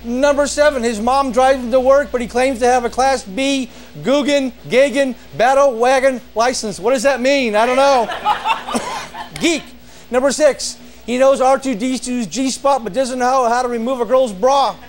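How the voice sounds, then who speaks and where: A man's voice: very high-pitched, steady tone, moderate pace. A man hosting a talk show, reading out a comic top-ten list and then introducing a guest, often laughing at his own jokes.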